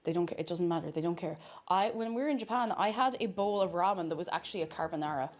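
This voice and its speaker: A woman's voice: lowish voice, fast talker. A woman streamer chatting casually and playfully while she cooks, rambling from one thought to the next. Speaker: cooking streamer.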